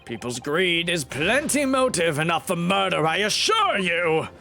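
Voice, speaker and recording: A man's voice: high voice, very animated, unhurried, vocal fry, sharp tone, a little hiss or hum, voice pushed up, heavily acted. A man voicing a stern, formal male prosecutor in a courtroom game.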